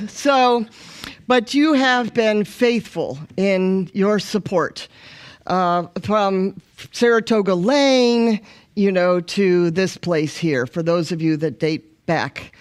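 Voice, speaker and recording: A woman's voice: fairly low pitch, takes it slowly. A middle-aged woman, a missionary guest preacher, praying and then preaching with humorous stories and call and response. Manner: warm, humorous storytelling with congregational call and response. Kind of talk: sermon with opening prayer.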